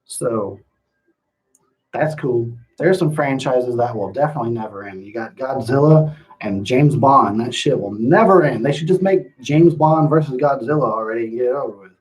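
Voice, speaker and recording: A man's voice: mid-range voice, normal speed, a little mellow, poor audio. A man hosting a casual livestream at home, answering chat with loose, profane talk and frequent laughter, slipping into rants. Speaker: livestream host reading chat.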